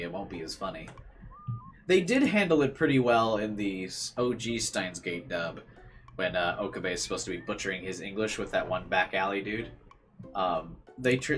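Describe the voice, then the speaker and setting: A man's voice: lowish voice, a bit bright. A man casually commenting on a visual novel game and reading its lines aloud, amused and chatty.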